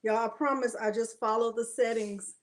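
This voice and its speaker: A high-pitched woman runs a live crafting demo from home. She keeps up a chatty, friendly patter, laughing often and addressing her viewers directly. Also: steady tone, normal speed. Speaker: craft livestream host.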